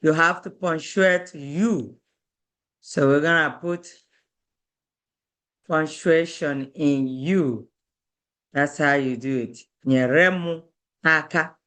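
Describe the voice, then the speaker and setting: A woman with an Igbo accent teaching a language lesson, slowly repeating words for her students to learn. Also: low voice, fairly bright tone. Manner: slow and deliberate, repeating words for drill. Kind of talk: slow classroom teaching.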